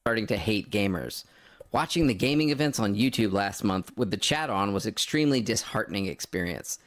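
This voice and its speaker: A man in a played clip, reading a forum post aloud in a flat delivery. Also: lowish voice, a little fast.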